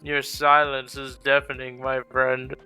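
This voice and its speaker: A man's voice: mid-range voice, monotone, a little slow, pushed and bright, smooth, soft background music. A young adult man hosting a podcast in casual chat, joking with loose profanity. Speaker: podcast host.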